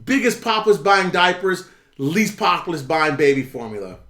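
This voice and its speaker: High, bright blunt man. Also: very animated, moderate pace. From United States. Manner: blunt, profane, reads and answers chat. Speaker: YouTube currency commentator. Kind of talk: casual livestream rant.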